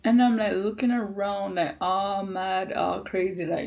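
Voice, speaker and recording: A Jamaican woman chats straight to camera in a lively, emphatic way, peppering her stories with "like". Her voice sits at a middling pitch, with faint music playing softly behind her. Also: unhurried, creaky, highs cut off. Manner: animated, emphatic, frequent "like". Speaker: beauty vlogger. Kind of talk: casual chatty storytelling.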